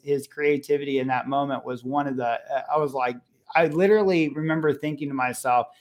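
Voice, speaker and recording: A middle-aged man, a parenting coach appearing as a podcast guest, speaking conversationally and telling a family story with animated voices for each character. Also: on the high side. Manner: animated, acts out voices in his stories.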